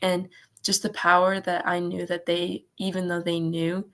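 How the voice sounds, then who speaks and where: A teenage girl speaks in an interview with an earnest, upbeat manner, sprinkling "like" through her sentences. Her voice sits fairly low and carries a gravelly fry. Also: level tone, unhurried, a bit bright. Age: teens. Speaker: guest. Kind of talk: casual interview talk.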